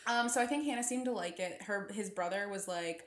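A woman's voice: mid-range voice, fairly quick, reverberant. A woman co-hosting a casual chat podcast, talking in a loose, rambling way with lots of "like" and restarts. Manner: chatty, lots of "like" and trailing restarts. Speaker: podcast co-host.

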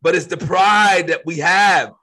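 High, bright-voiced preaching man. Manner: emphatic, preacherly, quick to stress points. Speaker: co-host of a faith discussion. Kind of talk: conversational Bible teaching.

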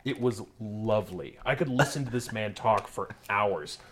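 A man's voice: lowish voice, normal speed, background noise. A young man co-hosting a casual podcast, rambling and self-deprecating with many fillers. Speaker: podcast co-host.

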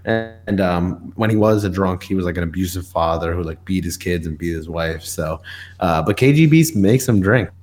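A man's voice: sits low, moderate pace, a little mellow, faint music behind. A young man, co-hosting a casual podcast and recapping a comic in a rambling, filler-heavy way. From New York. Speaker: podcast co-host. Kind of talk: casual chat.

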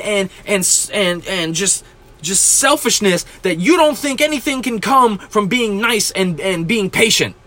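A man's voice: sits high, animated, a little slow, a bit bright. A man hosting a solo podcast from a small closet, ranting profanely and with exasperation. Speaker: podcast host.

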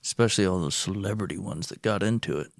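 A man co-hosting a podcast, tossing in dry, deadpan one-liners in casual banter. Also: deep voice, fast talker, gravelly, no echo. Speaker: podcast co-host.

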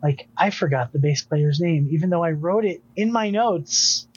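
Male podcast co-host, slightly higher voice, rambling and jokey, faint hiss behind. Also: moderate pace, lo-fi sound. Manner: rambling, jokey, with many restarts. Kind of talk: casual music chat.

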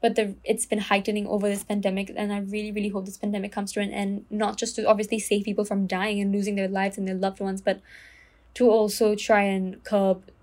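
A woman's voice: mid-range voice, monotone, brisk, darkish tone. A young Singaporean woman hosts her own podcast and talks straight to the listener. Her Singaporean English accent is easy to hear, and she tells her story earnestly, with plenty of likes and restarts. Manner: earnest, storytelling with many fillers. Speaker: podcast host. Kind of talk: casual solo podcast talk.

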